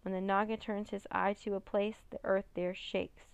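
A woman reading the lines of a gloating, commanding male dark wizard villain in a storybook. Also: medium pitch, little pitch movement, normal speed, gravelly, smooth, no room sound, close to an everyday voice.

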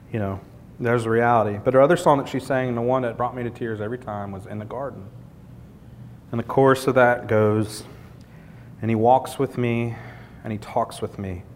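In a recording with long hall reverb and a faint rumble underneath, a pastor delivers a sermon. He sounds earnest yet conversational, driving his points home by repeating them.

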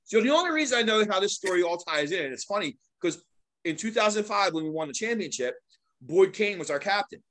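A middle-aged man, a guest and longtime sports mascot, telling stories in a casual, animated way, laughing often and acting out what others said. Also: high-pitched, a little fast. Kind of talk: casual storytelling.

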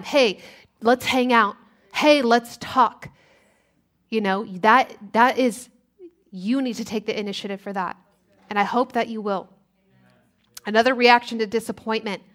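A woman preaching a sermon in church, animated and acting out complaining voices. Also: on the high side. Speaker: guest preacher.

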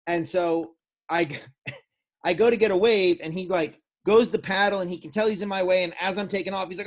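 A man's voice: high voice, fast. A young Florida man co-hosts a casual podcast with a slightly raised voice. He tells surf stories with plenty of life and slips into the voices of the people he quotes. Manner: animated storyteller who acts out quoted voices. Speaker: podcast co-host. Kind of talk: casual chat, storytelling.

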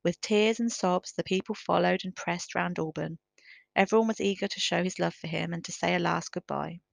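A woman narrating a storybook in a measured, careful reading. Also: on the low side, creaky, dry recording.

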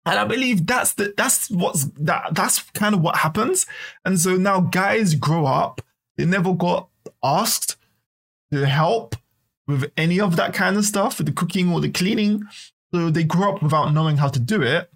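A man hosting a podcast in a casual, animated way, often repeating his words. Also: fairly high pitch, moderate pace. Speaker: podcast host.

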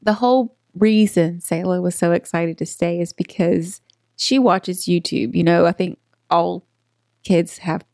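A woman co-hosting a podcast, telling a story in a lively way with frequent laughter and acted-out quotes. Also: fairly low pitch, measured pace, creaky, no echo, studio quality. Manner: animated, laughing, acts out quotes. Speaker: podcast co-host. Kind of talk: casual storytelling chat.

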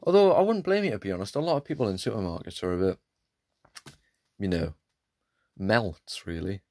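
A man's voice: lowish voice, lively intonation, brisk, a little mellow. A young man in his late teens from England, hosting a casual solo podcast in a rambling, jokey, self-deprecating way. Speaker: podcast host.

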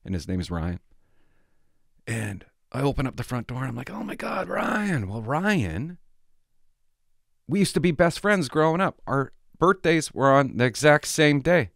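Middle-aged man, casual vlog chat, rambling storyteller, lively swings in pitch, dry close sound. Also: normal speed, creaky, no room sound. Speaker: vlogger.

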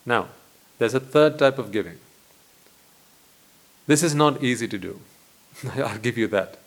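A man, a Buddhist monk, giving a dharma talk in a deliberate way, full of rhetorical questions and repetition. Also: medium pitch, lively intonation.

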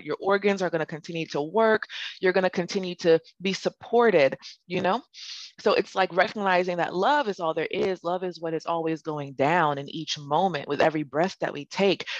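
A woman giving a relaxed, rambling spiritual talk on conscious parenting, with many fillers and restarts. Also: lowish voice, no room sound. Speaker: parenting speaker. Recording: dry, slightly dull lo-fi sound.

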